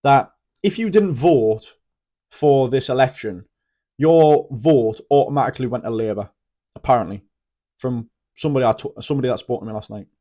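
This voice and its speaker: A man's voice: medium pitch, normal speed, dark tone. British man, vlogger ranting straight to camera; loose, blunt and rambling, with lots of restarts. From Britain. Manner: blunt, swears freely. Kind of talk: casual opinion monologue.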